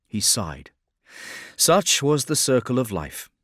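A man narrating an audiobook in a measured, dramatic storytelling manner. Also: mid-range voice, big pitch swings, fairly bright tone, no echo, studio quality.

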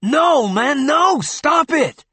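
A mellow, kindly hippie dad, voiced by a man who calls everyone "man", pitched well above his plain voice. He has a husky grain. The sound is dry and close. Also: lively intonation, measured pace, dry recording, exaggerated voice. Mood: panicked. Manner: mellow slang, says "man" often. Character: laid-back gentle hippie father, kind.

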